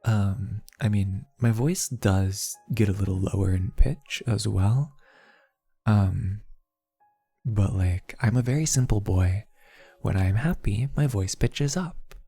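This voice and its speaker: Soft-spoken young male streamer, slow husky delivery, playful rambling chat over faint music. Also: on the low side, no room sound. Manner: playful, rambling, laughs often. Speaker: VTuber streamer. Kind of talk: casual ASMR stream chat.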